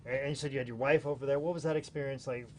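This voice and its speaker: A man in his forties hosting a live online auction, chatting in a rambling, excitable way and stumbling over his words. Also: mid-range voice, racing. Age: 40s. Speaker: host and auctioneer. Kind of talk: casual live-stream chat.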